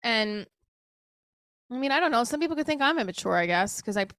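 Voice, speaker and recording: A woman's voice: on the high side, expressive, a little fast, fairly bright tone, no echo, studio quality. A woman talking candidly and emotionally in a rambling personal monologue, swearing casually as she goes. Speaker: show creator talking to camera.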